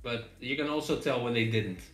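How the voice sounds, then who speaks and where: A man talks through a casual live stream with a bright, forceful tone. He rambles from one thought to the next, leaning on fillers and quick laughs, and his voice rings in a roomy, echoey space. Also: mid-range voice. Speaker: game developer streaming live.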